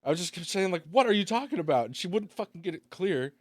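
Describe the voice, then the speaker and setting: A man's voice: high voice, expressive, fast, no room sound, clean studio sound. A man who is a guest on a casual podcast, telling stories in a laid-back way and swearing a lot. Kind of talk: casual chat, storytelling.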